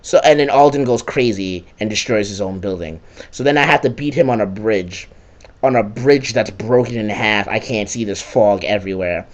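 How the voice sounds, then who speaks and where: A man's voice: fairly low pitch, normal speed. A young man giving a casual, profane and sarcastic rant recapping a video game.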